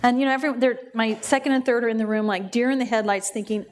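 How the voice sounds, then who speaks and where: A woman minister recounts a ministry session in an animated, humorous way, with a fairly high voice. She acts out each person as she tells it, and a faint hiss sits under the recording. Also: fast. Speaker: inner healing minister. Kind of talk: storytelling talk.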